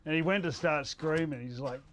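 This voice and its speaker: A man's voice: a little high, brisk, very noisy. A man with an Australian accent, co-hosting a sports show and telling rambling stories with chuckles. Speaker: co-host. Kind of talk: casual storytelling.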